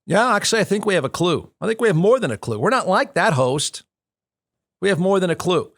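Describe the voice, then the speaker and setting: Combative high-voiced male talk host. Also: big pitch swings, a little fast, a bit bright, no room sound. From United States. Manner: snarky, combative, repeats phrases for emphasis. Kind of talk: heated political commentary.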